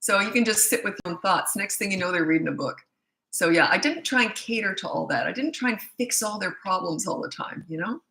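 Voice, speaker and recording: A woman's voice: medium pitch, a little fast, gravelly, poor audio. A middle-aged woman, a parenting coach, giving casual advice and acting out what she and her kids said. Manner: animated, acts out quoted voices. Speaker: parenting coach answering questions.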